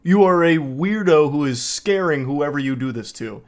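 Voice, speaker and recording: A man's voice: fairly high pitch, animated, moderate pace. A man hosting a comedic reaction commentary, talking sarcastically and sounding incredulous at what he watches. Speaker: host reacting to videos.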